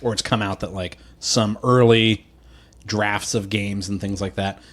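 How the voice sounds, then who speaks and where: A man's voice: fairly low pitch, fairly even intonation, a little slow, a bit bright. A man co-hosting a podcast in casual chat, laughing often and acting out quotes in silly voices. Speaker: podcast co-host.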